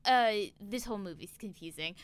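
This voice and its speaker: A woman's voice: mid-range voice, clear, resonant tone, no room sound. A woman co-hosting a casual chat, recapping a movie with jokey asides. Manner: chatty, jokey, quick asides.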